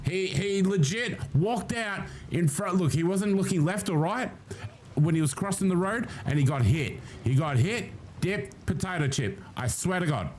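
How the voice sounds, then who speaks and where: A man's voice: sits high, lively intonation, normal speed, a little hiss or hum. A man streaming a game, joking, rambling and swearing freely with his chat. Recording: loud music behind voice.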